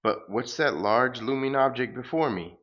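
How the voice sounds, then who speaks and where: A man voicing a goofy, boastful male space surfer hero who talks in an excitable, mock-heroic way. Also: medium pitch, normal speed, highs cut off, close to an everyday voice.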